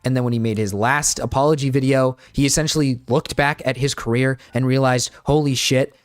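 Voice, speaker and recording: A man's voice: mid-range voice, fairly even intonation, a little fast, smooth, faint music behind. A man doing reaction commentary, ranting in exasperation and swearing often, talking to his chat like a streamer. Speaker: drama commentator.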